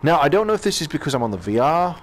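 Lively-voiced British man commenting on gameplay. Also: on the high side, racing. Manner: chatty, talks to himself while playing, exclamations. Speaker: gaming channel host.

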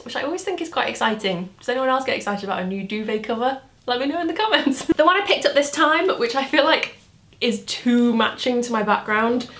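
A woman's voice: fairly high pitch, fairly bright tone. A young woman, chatting casually and self-deprecatingly to camera about her shopping haul at home. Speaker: vlogger. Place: indoors at home.

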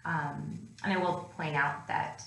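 A woman's voice: low-pitched, fairly even intonation, takes it slowly, gravelly, a bit bright. A woman instructor explaining a grammar lesson in a recorded lecture, with frequent ums and uhs. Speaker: classics instructor. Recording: echoey room with faint noise.

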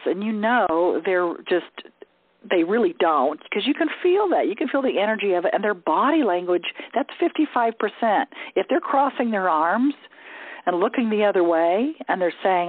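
A woman's voice: medium pitch, expressive, normal speed, husky, no echo. A woman coaching a group over a call, talking in an easygoing way and checking in with "okay?". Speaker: communication coach. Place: lives in the southern US. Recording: tinny phone-line sound.

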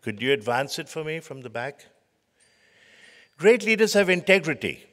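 A man's voice: a little high, sing-song, moderate pace, fairly bright tone. A man giving a leadership lecture to a conference audience, telling stories emphatically and stacking short phrases into lists. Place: conference hall. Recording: long reverb of a lecture hall.

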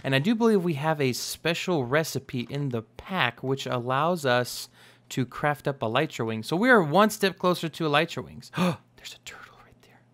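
A man's voice: a little high, lively intonation, moderate pace, few pauses, a bit bright. A young man giving casual, rambling commentary while playing a building game, joking and correcting himself as he talks. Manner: rambling, self-correcting, jokey. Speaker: gaming YouTuber. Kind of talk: casual Minecraft let's play commentary.

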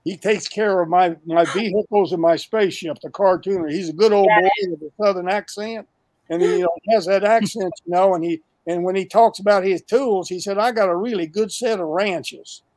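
An older man speaking as a guest on a video call, pitching his educational project with animated, emphatic lists and frequent restarts. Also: a little fast, dry recording.

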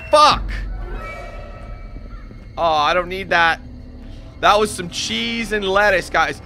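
Dude doing lets play commentary, high bright voice, swears a ton and freaks out, faint music behind. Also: male voice, unhurried. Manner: excitable, swears a lot, yells when panicked. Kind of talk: casual gameplay commentary.

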